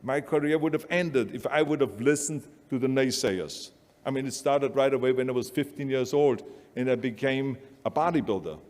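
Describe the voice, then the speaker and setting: A man's voice: mid-range voice, moderate pace, a little mellow. Older Austrian man urging in a big hall. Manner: emphatic, blunt, repetitive urging. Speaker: motivational speaker. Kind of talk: motivational speech.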